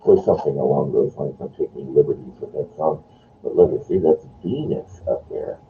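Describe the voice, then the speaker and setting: Older male morning host, low and animated, chatty rambling monologue over a phone-like line. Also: normal speed, gravelly, a little hiss or hum. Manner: rambling, chatty, playful voices. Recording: tinny phone-like sound.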